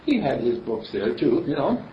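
A male minister gives a meandering spiritual sermon, chuckling as he tells stories, with a lively, rising and falling pitch. He is heard from a distance in a roomy space, and the recording is dull with faint hiss. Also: moderate pace. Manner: rambling, chuckling, storytelling.

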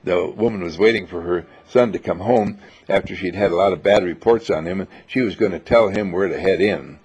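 A man's voice: deep voice, brisk, a little mellow, husky. A man giving an enthusiastic, repetitive inspirational lecture to a seminar, on a dull lo-fi recording. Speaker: seminar teacher.

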